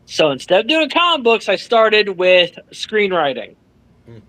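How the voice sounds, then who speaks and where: A man being interviewed as an author, telling a story with lively energy, swearing freely and acting out what others said. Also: high-pitched, measured pace, rough recording. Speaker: author guest. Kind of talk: animated storytelling in casual chat.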